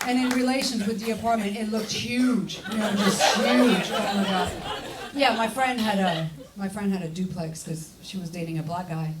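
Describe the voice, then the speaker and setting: A woman's voice: medium pitch, moderate pace, over a noisy crowd. French woman doing live stand-up. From France. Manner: deadpan punchlines, mocking voices for others. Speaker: stand-up comedian. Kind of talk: stand-up comedy set. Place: comedy club stage. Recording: live club recording with noise, mic at a distance. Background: audience laughter.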